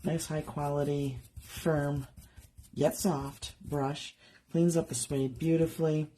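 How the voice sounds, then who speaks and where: A woman jewelry artist works live in her home art studio, talking and thinking aloud. Her voice is low and dark with little pitch movement, her pace slow, and there's slight background noise.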